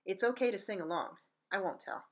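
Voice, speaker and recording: A woman's voice: medium pitch, brisk. A woman teaching a pronunciation lesson in an upbeat, encouraging and playful way, close to the mic. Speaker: Spanish teacher. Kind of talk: video lesson.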